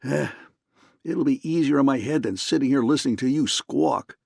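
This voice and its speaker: A man's voice: medium pitch, normal speed, vocal fry, darkish tone, dry recording, studio quality. A man reading an audiobook, voicing a surly, stubborn hard-boiled private detective who speaks curtly.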